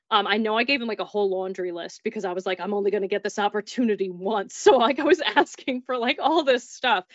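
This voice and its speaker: A woman guest tells of her paranormal experiences in casual storytelling, chatty and full of "like," acting out the dialogue. Her medium-pitched voice is a bit bright, and the recording sounds dull and dry.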